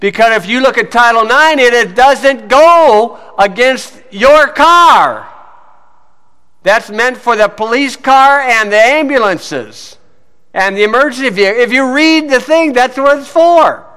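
Bright, high-voiced man preaching in a hall. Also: clear, resonant tone. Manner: storytelling, keeps saying "you see"; drops to a low mutter when telling stories. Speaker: preacher teaching on scripture and law. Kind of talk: folksy teaching sermon. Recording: hall with long reverb.

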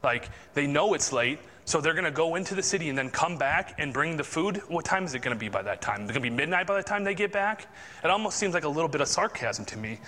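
A man's voice: a little high, lively intonation, a little fast, sharp tone. Man preaching in a reverberant hall. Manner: conversational, informal preaching. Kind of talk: sermon with Bible reading.

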